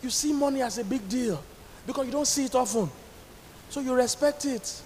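A man with a Nigerian accent preaching a sermon as pastor, with lively, emphatic delivery and questions thrown out to the congregation. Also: very high-pitched, moderate pace, long reverb tail, a little hiss or hum.

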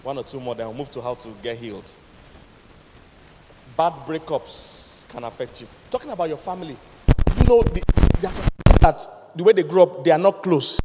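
A man with a Nigerian accent preaching a sermon as pastor, with lively, emphatic delivery and questions thrown out to the congregation. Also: on the high side, moderate pace, big-room sound, noisy background.

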